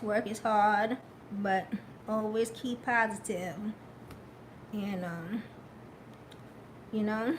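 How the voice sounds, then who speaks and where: Slow, hesitant woman chatting on a stream. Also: medium pitch, slight background noise. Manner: slow, hesitant, many ums; upbeat, encouraging. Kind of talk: casual live-stream chat.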